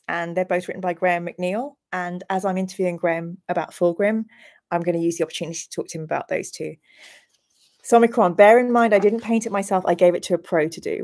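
A woman in her forties hosts a live-streamed play-through of a fantasy gamebook. She reads the passages aloud and chats with her viewers between them, in a chatty, animated way. Her voice sits in a middle pitch. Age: 40s. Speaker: host reading a gamebook to a live chat.

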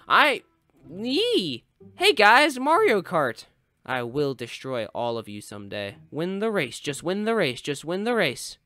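A man giving goofy playthrough commentary on a racing game, yelling when he falls behind and chanting made-up nonsense words. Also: on the high side, wildly swooping pitch, normal speed, no echo. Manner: goofy, yells in frustration, makes up nonsense rhymes. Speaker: gaming channel host.

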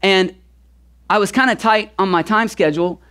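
A pastor in his thirties preaching a sermon through a relaxed personal story, talking conversationally with casual fillers. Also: high voice, normal speed, clean tone.

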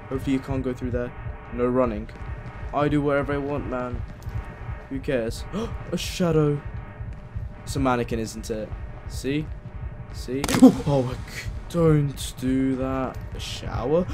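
A man's voice: mid-range voice, a little slow, music in the background. A man commentating a horror game as he plays, reading in-game notes aloud and swearing when startled. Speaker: gameplay commentator.

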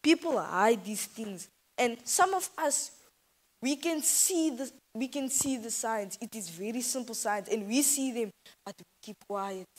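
A woman's voice: fairly high pitch, rough recording. A woman gives an informal, earnest sermon as a youth speaker in church, talking conversationally and hesitantly.

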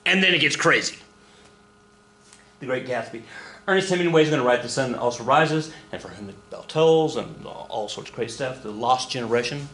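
Male teacher, chatty animated lecture, echoey room, faint hum. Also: mid-range voice, a little fast. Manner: animated, jokey, acts out voices and counts dance steps. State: out of breath. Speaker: history teacher. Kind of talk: recorded classroom lecture.

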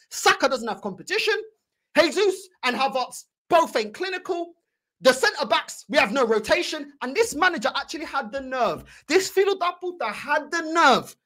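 High, animated woman ranting. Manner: heated, mocking, repetitive ranting. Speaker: football fan channel host. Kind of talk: angry fan reaction rant.

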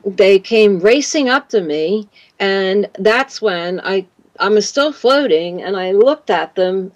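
A woman's voice: medium pitch, dry recording, low-quality recording. A woman guest on a radio interview, telling a long personal story in a rambling way, often saying "you know" and "like". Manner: rambling, repeats words, says "you know" and "like".

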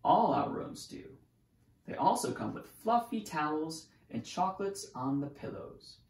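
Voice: medium pitch, big pitch swings, a little slow, gravelly, a little mellow, slight background noise, voice pushed up. A reader voicing a bossy, self-assured little girl who plays hotel owner, speaking politely and firmly, in a roomy echo. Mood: proud.

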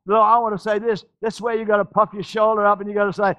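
Australian man preaching, high voice, dry close sound, repeats and restarts, exhorting. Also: fast talker, creaky, hardly any pauses, fairly bright tone, no room sound, muffled recording. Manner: repetitive, exhorting, stammering restarts. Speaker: pastor. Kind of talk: sermon.

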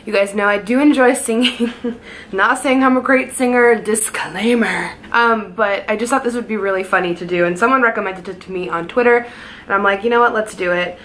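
A woman's voice: medium pitch, a little fast, a little hiss or hum. A young woman vlogging casually, giggly and self-conscious, laughing often between remarks. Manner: sings loudly over music in headphones. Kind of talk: casual singing vlog.

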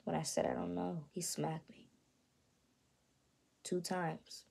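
An 18-year-old woman telling her own story in a vlog, soft and halting, often stopping to ask "you know what I mean". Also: fairly low pitch, flat delivery, creaky, slightly rough. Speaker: vlogger. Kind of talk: confessional personal storytelling.

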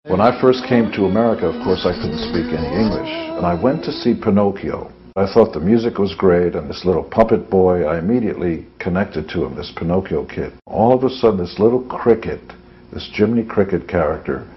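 A man's voice: low-pitched, animated, fairly quick, lo-fi sound. A man telling blunt, boastful and joking stories about his life and his work. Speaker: interviewee. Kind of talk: motivational anecdotes.

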